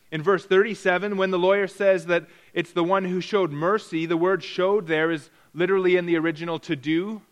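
A man delivers a verse-by-verse Bible teaching in a voice that sits a little high for a man. He hammers key words through repetition. He often restarts phrases and corrects himself mid-sentence. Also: clear, resonant tone. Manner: frequent restarts and self-corrections. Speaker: preacher.

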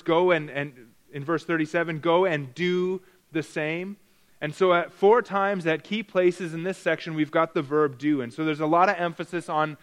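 A man's voice: on the high side, a bit bright, clean tone. A man preaching a verse-by-verse Bible lesson, stressing key words through repetition and often restarting or correcting himself mid-sentence. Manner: frequent restarts and self-corrections.

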